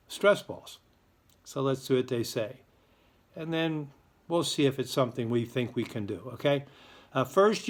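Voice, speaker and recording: A man hosting a school's morning announcements, with a voice of ordinary middle pitch. He talks casually and cheerfully to the children, cracking self-deprecating jokes along the way. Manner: chatty, joking, self-deprecating. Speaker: school morning show host.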